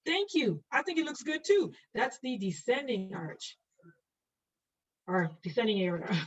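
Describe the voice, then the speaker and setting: A woman's voice: a little high, expressive, measured pace, slightly rough. Playful woman teaching over dull, distant audio. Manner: playful, self-mocking, quizzes students by name. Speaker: nursing instructor. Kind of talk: online lecture while drawing.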